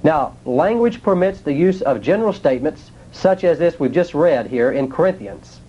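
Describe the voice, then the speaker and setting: A preacher with a fairly high-pitched voice teaches a sermon in a plain, folksy way, using nonstandard grammar and putting rhetorical questions to his listeners. The audio is dull.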